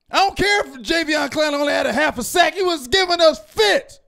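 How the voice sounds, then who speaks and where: A man co-hosting a fan show, ranting loudly and heatedly after a game and asking "you feel me?" over and over. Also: very high-pitched, brisk, gravelly. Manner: loud, fired-up ranting with repeated "you feel me?". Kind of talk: heated postgame rant.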